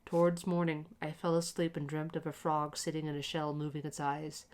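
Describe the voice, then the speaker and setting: A woman narrating a classic short story aloud in a calm, measured, expressive reading for relaxation. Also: low voice.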